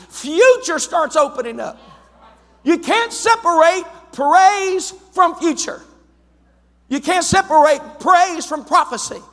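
High, bright-voiced preaching man. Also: animated, takes it slowly, slight background noise. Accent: Ohio. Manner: fervent preaching, rising to shouts. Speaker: pastor. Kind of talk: sermon. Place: church sanctuary. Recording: long church reverb.

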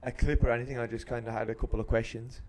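A man's voice: mid-range voice, flat delivery, rapid-fire, a little mellow. A man co-hosting a casual podcast as a football coach, talking keenly and in rambling stops and restarts. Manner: rambling, many fillers and restarts, keen.

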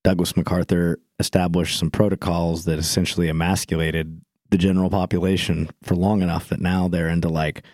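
A man co-hosting a casual chat, sarcastic and teasing, firing off quick jokes. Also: low voice, a little mellow, no room sound, studio quality.

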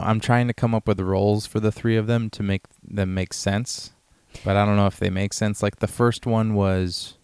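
A man co-hosting a podcast, talking about a film in a relaxed, rambling way with lots of fillers. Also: on the low side, smooth, no echo. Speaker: podcast co-host. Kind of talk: casual film discussion.

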